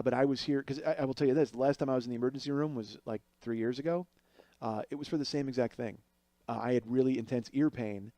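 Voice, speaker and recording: A man's voice: medium pitch, mellow, no echo. A middle-aged man telling a comic story as a podcast host, acting out other people's voices as he goes.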